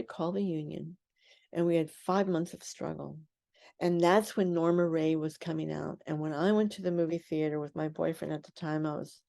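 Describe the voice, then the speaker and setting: An older woman with a lowish voice tells stories as a radio guest. She is animated and acts out what other people said. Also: creaky. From United States. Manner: animated storyteller acting out quotes. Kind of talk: radio interview, storytelling.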